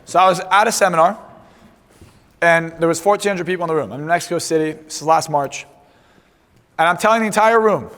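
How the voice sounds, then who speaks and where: A man's voice: a little high, fairly quick, pauses often, a bit bright. A man speaking as a seminar presenter, telling a brash, profane comic story to a live crowd. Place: large seminar hall. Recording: echoey seminar hall.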